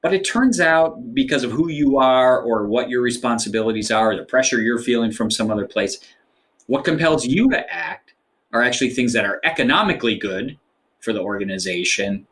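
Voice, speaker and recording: A man's voice: medium pitch, expressive, fairly quick, a bit bright. A man as an author guest in an interview, explaining ideas thoughtfully with frequent fillers. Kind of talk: interview conversation.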